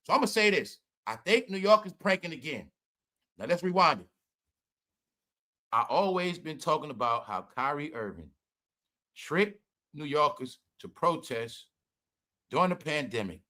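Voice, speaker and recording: High-pitched guy on a podcast stream, cussing and clowning people, keeps laughing. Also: sing-song, moderate pace, pauses often. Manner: loud, profane, mocking, laughing often. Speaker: podcast host. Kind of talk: casual livestream commentary.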